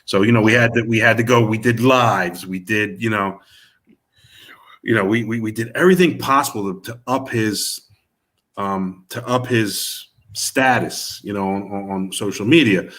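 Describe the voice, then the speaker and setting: Rambling low-voiced man in an interview. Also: normal speed, a bit bright. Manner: rambling, many restarts and fillers. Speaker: music manager and producer guest. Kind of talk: casual interview conversation.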